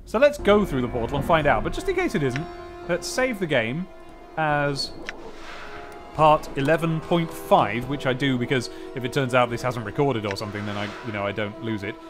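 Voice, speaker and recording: A man's voice: mid-range voice, animated, moderate pace, over music. A man casually commenting as he plays a computer role-playing game, chatty and self-mocking. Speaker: game let's-player.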